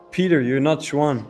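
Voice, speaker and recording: A male co-host on a live trading stream, chatting casually, laughing often and calling out names quickly during a giveaway. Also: on the high side, a little mellow.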